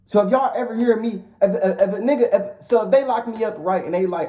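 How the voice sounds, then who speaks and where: A man with a high-pitched, warm voice rants casually to the camera as a vlogger, talking fast with hardly any pauses. He's blunt and profane and repeats himself a lot. The recording has a roomy echo.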